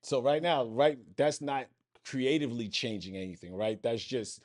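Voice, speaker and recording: A man's voice: medium pitch, normal speed, a little mellow. A man with a New York accent, co-hosting a casual podcast chat and often checking in with "right?". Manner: conversational, rambling with many "right?" checks. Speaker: podcast co-host.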